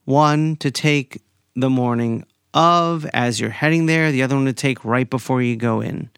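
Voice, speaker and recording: A man in his forties telling a personal story in a casual, animated way, sometimes profane and heated. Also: medium pitch, gravelly, clear, resonant tone, no echo, clean studio sound. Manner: animated, profane, rising to anger.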